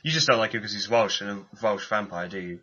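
A man's voice: on the low side, fast talker, bright, forceful tone, husky, highs cut off. A man co-hosting a podcast, chatting casually about a TV show and joking and laughing often. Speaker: podcast co-host.

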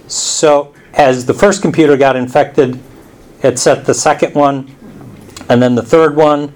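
Relaxed man addressing a meeting. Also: medium pitch, a little slow.

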